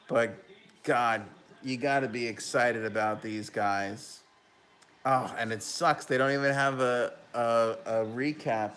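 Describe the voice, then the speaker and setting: Excitable man hosting a live hockey stream. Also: medium pitch, slow pace. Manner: excitable, bursts of loud enthusiasm. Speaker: host of a live hockey talk show. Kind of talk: live stream reaction and chat reading.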